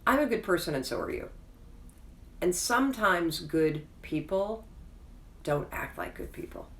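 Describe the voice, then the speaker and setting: Recorded from a distance, a host with a lowish voice and lively intonation talks a little slowly to camera in her own video. She recounts a personal story frankly and self-deprecatingly, in a chatty tone, and wraps up with an earnest, reassuring pep talk.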